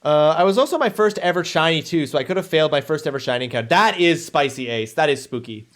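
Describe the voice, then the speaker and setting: A man's voice: a little high, lively intonation, fast. A man streaming a video game live, chatting upbeat with viewers and thanking them energetically. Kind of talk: casual live stream chat.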